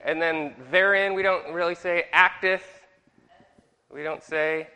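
A man's voice: on the high side, fairly even intonation, measured pace, pushed and bright, clean tone. A middle-aged man teaching a Bible class in a jokey way and asking the room questions. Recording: long hall reverb.

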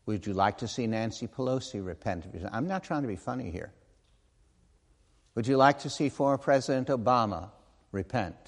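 Earnest preacher in a reverberant hall. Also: male voice, medium pitch, expressive, moderate pace. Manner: earnest, conversational, with asides and self-corrections. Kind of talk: sermon.

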